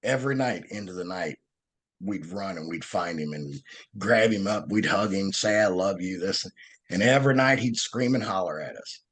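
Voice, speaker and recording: A man telling stories as a podcast guest, earnest and animated, often restarting his sentences. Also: sits low, moderate pace, slightly rough. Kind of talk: conversational storytelling.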